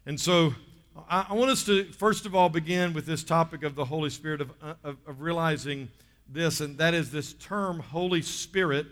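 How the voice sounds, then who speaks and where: Speaking at normal speed in a fairly bright, slightly high voice, a Southern-accented pastor delivers an emphatic sermon. He draws out key words and urges the congregation to answer back, all echoing in a reverberant hall.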